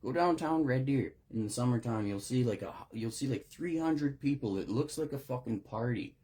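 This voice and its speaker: A man's voice: medium pitch, animated, normal speed, mellow, husky. A man in an unscripted recovery monologue, talking in a raw, profane, rambling way with many restarts, emotional and close to tears. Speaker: recovery video host.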